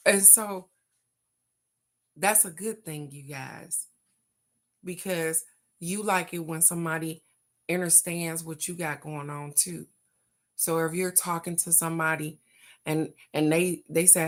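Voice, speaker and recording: A woman's voice: lowish voice, fairly even intonation, slow pace, pauses often, a bit bright. An older woman, chatting casually and folksily as a host, laughing often and stretching words for emphasis. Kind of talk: casual card-reading chat.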